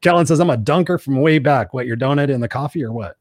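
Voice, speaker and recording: Man, fast pace, joking co-host, reads viewer comments, dry close mic. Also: medium pitch, no room sound. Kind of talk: casual livestream chat.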